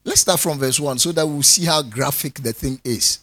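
A man, a pastor preaching a sermon in an animated way, joking with his congregation and calling for their responses. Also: fairly high pitch, normal speed.

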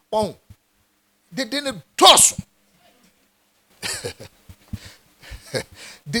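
A man's voice: fairly high pitch, husky. A man with a Ghanaian accent, a pastor preaching a sermon with emphatic repetition. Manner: emphatic, repeats phrases for stress.

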